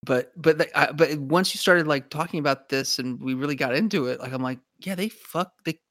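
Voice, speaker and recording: A man's voice: mid-range voice, brisk, a bit bright, dry recording. A man with a mid-range voice talks through a TV show in a loose, rambling way, often restarting his sentences. The recording is dry, with no room sound. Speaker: podcast co-host. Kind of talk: casual chat about a TV show.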